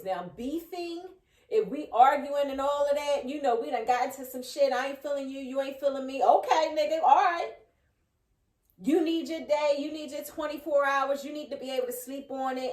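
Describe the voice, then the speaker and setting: A woman's voice: a little high, distant mic. A woman co-hosting a podcast, blunt and outspoken in casual chat. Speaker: podcast co-host. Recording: echoey room, a bit off-mic.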